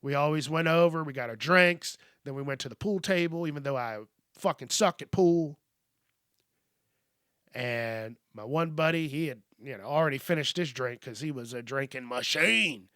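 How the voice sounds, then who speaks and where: A man's voice: a little high, normal speed, pushed and bright, smooth, dry recording. Profane, blunt man, dry close sound. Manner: profane, blunt, rambling with restarts. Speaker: podcast host. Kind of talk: casual storytelling monologue.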